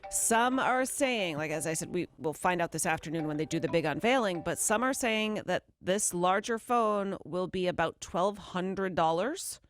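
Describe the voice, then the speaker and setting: A woman's voice: fairly low pitch, animated, soft background music. Woman reading morning radio news items. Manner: brisk newsy delivery, quick laughs. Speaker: radio co-host. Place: radio studio. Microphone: studio microphone.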